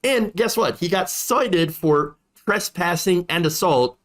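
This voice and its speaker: An indignant man delivers online political commentary with a sarcastic edge. His pitch swings widely as he talks. He circles back on his points, repeating phrases for emphasis. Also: expressive, takes it slowly, a bit bright.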